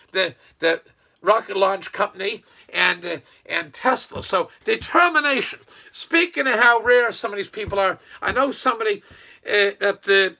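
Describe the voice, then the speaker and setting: A man's voice: sits high, sharp tone. An older man from Nova Scotia, a retired businessman, rambling in a folksy monologue full of restarts and quoted asides.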